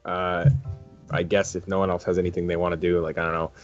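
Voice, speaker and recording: A man's voice: deep voice, little pitch movement, fast, lo-fi sound, soft background music. A man playing in a tabletop role-play session, chatting casually and rambling with frequent laughs. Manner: laughs often, joking and rambling. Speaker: tabletop game player.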